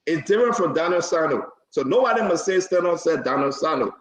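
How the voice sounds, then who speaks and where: A high-pitched man hosts a live talk show, pressing each point by saying it again and again. His voice rings in a roomy, echoing space. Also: lively intonation, quick pace. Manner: emphatic, repeats phrases, laughs between points.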